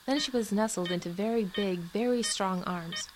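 A woman narrating a short story in a soft, measured reading voice. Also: mid-range voice, slight background noise, poor audio. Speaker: story reader. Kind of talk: audiobook narration.

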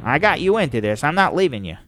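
A man's voice: a little high, big pitch swings, quick pace, fairly bright tone, slight background noise, voice pushed up. A man voicing a loyal, earnest male follower in a slightly raised voice.

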